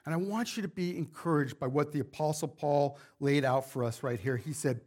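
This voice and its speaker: A man's voice: fairly high pitch, fairly quick, few pauses, a little mellow. A male pastor preaching a fervent sermon to his congregation, building to emphatic rhetorical questions. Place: church sanctuary with congregation.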